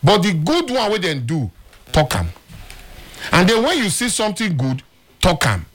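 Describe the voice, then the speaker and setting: A man's voice: high voice, wildly swooping pitch, moderate pace, a bit bright. A man with a Nigerian accent, a guest on a talk show, speaking in an emphatic, preachy way.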